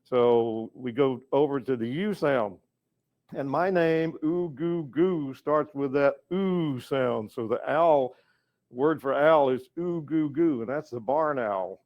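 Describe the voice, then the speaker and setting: An older man from North Carolina giving a language lesson, patient and slow, repeating each word so the learner can follow. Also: medium pitch, highs cut off. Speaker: educator and storyteller.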